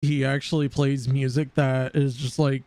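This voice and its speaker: A man's voice: mid-range voice, flat delivery, normal speed, a little mellow, dry recording. A man live-streaming casual commentary, rambling and often stammering over repeated words.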